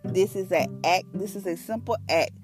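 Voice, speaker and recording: A low-pitched woman talks through a devotional in a loose, earnest, conversational way. She fills her speech with everyday phrasing and fillers. Clear instrumental music plays underneath her voice. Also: normal speed. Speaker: devotional podcast host. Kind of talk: casual devotional talk. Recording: music bed behind voice.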